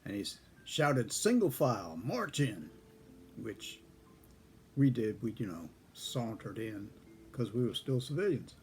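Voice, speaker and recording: An older man, a former airman, telling a story from his own past in a casual, folksy way, chuckling and clearing his throat now and then. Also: fairly low pitch, measured pace, slight background noise. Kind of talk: casual spoken memoir storytelling.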